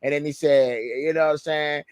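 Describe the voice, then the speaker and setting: A man co-hosting a college football talk show, worked up and full of slang, circling back over the same points. His voice sits a bit high. The sound is dry and close, with no room around it. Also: normal speed, clean tone, dry recording. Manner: animated, repeats himself, slangy. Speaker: show co-host, fan. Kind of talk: heated sports banter.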